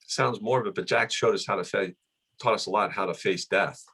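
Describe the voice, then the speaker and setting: Rambling middle-aged man, lowish voice. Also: moderate pace, sharp tone, slightly rough. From United States. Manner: rambling, many restarts and "you know". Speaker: guest, son of the honoree. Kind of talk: casual reminiscing interview.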